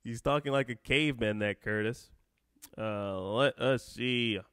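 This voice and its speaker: A man hosting an unscripted live stream, rambling and excitable, with lots of restarts as he reads out viewer chat. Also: mid-range voice, unhurried, clear, resonant tone, no echo, studio quality.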